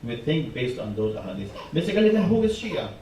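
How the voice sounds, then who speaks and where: Male preacher, mellow dark tone, impassioned delivery, distant mic in a reverberant mosque hall. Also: medium pitch, very animated, fast talker, a little hiss or hum. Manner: impassioned, rising emphasis on repeated phrases. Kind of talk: sermon. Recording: echoey hall, mic from far off.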